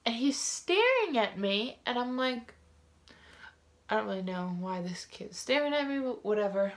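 A woman's voice: a little high, sing-song, normal speed. A woman vlogger telling a story to camera in a casual, rambling way, full of "like" fillers and restarts, frank and indignant.

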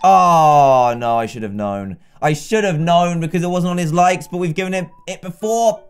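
A man giving chatty, excitable let's-play commentary and talking to the game characters. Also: on the high side, moderate pace, smooth, soft background music. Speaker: gaming YouTuber.

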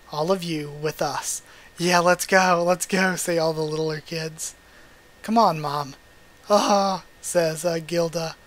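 A man's voice: on the high side, rough recording. A man hosting a manga readthrough, reading the dialogue aloud and breaking off for emotional, chatty asides.

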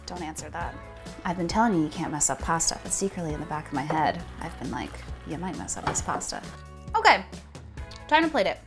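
Chatty young woman with lively pitch. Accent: New Jersey. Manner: chatty, self-deprecating, jokey. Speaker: cooking video host. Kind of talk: casual cooking vlog. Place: home kitchen.

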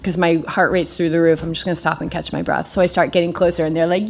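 A middle-aged woman hosting a podcast, telling a story in a casual, animated way with many fillers and high-pitched quoted shouts. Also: fast talker, hardly any pauses. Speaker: podcast host.

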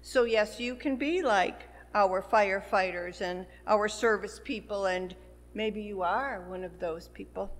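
A woman pastor delivering a sermon in a church, preaching in a slow, measured way and building emphasis on key words. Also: mid-range voice. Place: church sanctuary. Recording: long church hall reverb.

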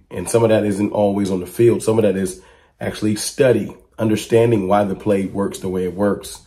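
A man giving casual fan commentary to camera, talking emphatically and asking a stream of rhetorical questions. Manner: rises to excited high-pitched exclamations when reacting to clips.

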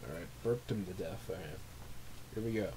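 A young man recording let's play commentary, swearing and swinging from low muttering to sudden shrieks of disgust. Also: a little fast, dark tone, a little hiss or hum. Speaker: gamer, channel host.

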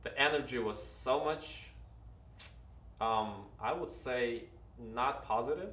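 An actor with a Ukrainian accent gives earnest advice in a casual interview, frequently restarting his sentences. His medium-pitched voice is slow and a bit bright, recorded from a distance in a reverberant space.

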